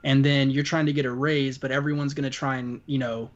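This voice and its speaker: A man's voice: mid-range voice, flat delivery, brisk, dull audio. A man co-hosting a casual sports podcast, easygoing and hedging, full of "you know.". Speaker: podcast co-host.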